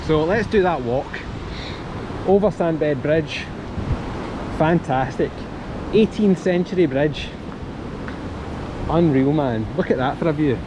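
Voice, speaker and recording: A man with a Scottish accent giving a casual walking tour outdoors in a town centre, chatty and jokey, reading facts aloud in a quiet voice. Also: a little high, slow, long pauses. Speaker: streamer on a guided town walk. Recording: outdoor street noise, traffic.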